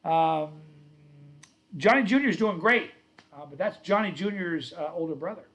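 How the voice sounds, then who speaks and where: Middle-aged male stream host, a bit higher-pitched, loose rambling storyteller who chats with viewers. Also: expressive, normal speed, a bit bright. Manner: rambling, reads viewer comments aloud; storytelling, self-correcting. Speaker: livestream host. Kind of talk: casual livestream chat.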